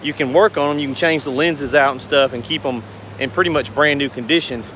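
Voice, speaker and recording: A man's voice: medium pitch, brisk, fairly bright tone, a little hiss or hum. A man, talking casually to his viewers in a rambling, earnest, folksy way. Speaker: business owner vlogger. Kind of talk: casual talk to camera.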